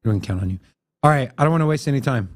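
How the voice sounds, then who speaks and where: A man's voice: mid-range voice, lively intonation, racing. A man co-hosting a casual crypto livestream, tired from no sleep, teasing his co-host and walking through charts. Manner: joking, teasing, then explaining charts.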